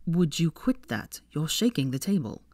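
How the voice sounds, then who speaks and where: A woman reading aloud and voicing a smug, teasing young wizard man in a low, quiet drawl. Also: very animated, normal speed, no room sound, clean studio sound.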